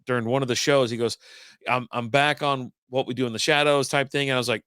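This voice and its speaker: Laid back podcast dude, mid pitch, rambly and sweary, dry sound. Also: male voice, fairly even intonation, fast, a bit bright, clean tone, dry recording. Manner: loose, rambling, swears and laughs often. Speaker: podcast co-host. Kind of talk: casual chat.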